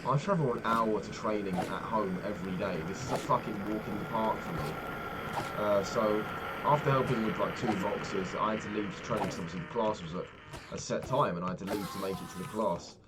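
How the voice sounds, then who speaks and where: Against heavy background noise and keyboard clicks and typing, a young vlogger casually tells a rambling story while gaming, swearing freely. His voice is lowish and a little fast.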